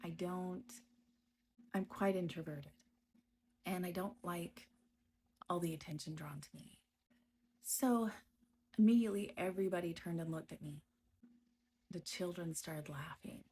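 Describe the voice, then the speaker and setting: A woman giving a personal testimony about her past, speaking slowly and hesitantly with frequent pauses and restarts. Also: lowish voice, mellow, slight background noise. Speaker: storyteller recounting her past.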